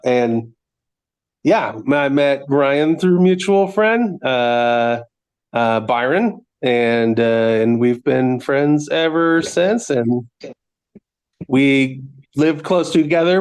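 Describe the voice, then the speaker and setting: A man's voice: medium pitch, expressive, takes it slowly, smooth. Hesitant man chatting as a guest. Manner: hesitant, many fillers. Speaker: guest friend. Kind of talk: casual chat.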